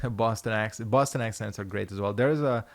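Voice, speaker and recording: A man's voice: fairly low pitch, brisk. A man chatting casually while streaming a game, rambling and swearing freely. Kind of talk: casual gameplay commentary.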